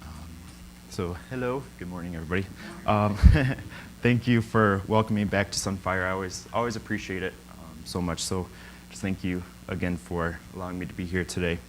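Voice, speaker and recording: A man's voice: sits low, fairly even intonation, brisk, a little hiss or hum, rough recording. A young man speaking as a guest at a church, telling a story in an informal sermon, with lots of ums and frequent laughs. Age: young adult. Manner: chatty, many ums, laughs often.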